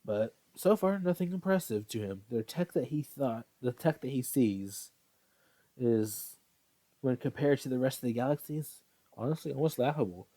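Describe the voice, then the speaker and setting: A man's voice: medium pitch, animated, moderate pace, dark tone, no echo. A man casually reading a fan story aloud, often stumbling, correcting himself and apologizing. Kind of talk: casual read-aloud with asides.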